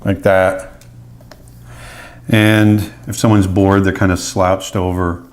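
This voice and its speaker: Relaxed man narrating a sketching tutorial. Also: low-pitched, takes it slowly. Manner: relaxed, thinking aloud while sketching, casual fillers. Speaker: animator and drawing instructor.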